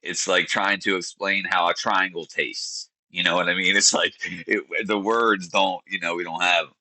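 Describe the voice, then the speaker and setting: A man's voice: sits low, flat delivery, normal speed, sharp tone, dry recording, rough recording. A man in his thirties, a podcast guest, telling a personal story earnestly and searching for words. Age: 30s. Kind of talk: candid interview storytelling.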